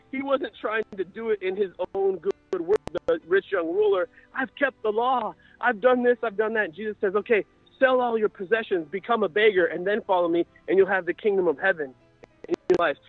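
A man's voice: high-pitched, normal speed, gravelly, no echo. Male preacher, fervent sermon, faint music, dry close sound. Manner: impassioned, rises to crying out. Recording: tinny radio broadcast.

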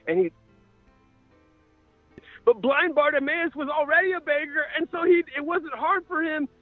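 A man's voice: very high voice, normal speed, no room sound, faint music behind. A man preaching a sermon with passion, building to fervent cries. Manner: impassioned, rises to crying out. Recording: tinny radio broadcast.

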